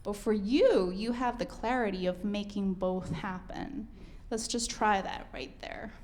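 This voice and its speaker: A woman's voice: medium pitch, measured pace. A woman teaching a piano masterclass, coaching a student and singing rhythms aloud as she counts.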